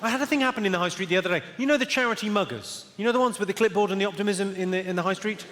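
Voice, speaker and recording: A man doing stand-up comedy, deadpan and brisk, teasing people in the audience from a theatre stage. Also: high-pitched, slight background noise. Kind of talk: stand-up comedy with crowd work. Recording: echoey theatre hall, loud audience.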